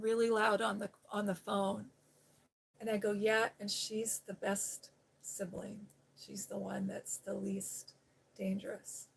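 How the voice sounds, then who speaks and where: A woman's voice: mid-range voice, little pitch movement, a little slow, creaky, husky. A woman hosting a live stream, talking casually and rambling through a personal story, quoting other people as she goes. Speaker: ASMR channel host. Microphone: seated on a day bed, live stream.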